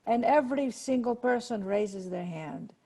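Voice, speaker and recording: A woman leading a guided meditation and prayer over a video call, speaking in a slow, soothing way. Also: fairly high pitch, warm tone. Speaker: workshop leader.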